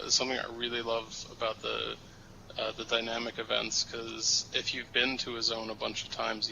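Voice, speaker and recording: Give me a rambling, easygoing podcast guy. His voice is creaky and strongly forceful, with little pitch movement. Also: a little hiss or hum, poor audio. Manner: rambling, laid-back, with soft laughs. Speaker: podcast co-host. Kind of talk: casual gaming podcast chat.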